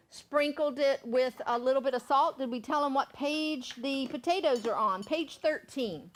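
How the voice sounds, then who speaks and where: A middle-aged woman from Georgia with a Southern accent, chatting folksily while demonstrating recipes in a cooking class. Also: fairly high pitch. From Savannah, Georgia, USA. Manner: chatty, folksy, checks in with "okay?".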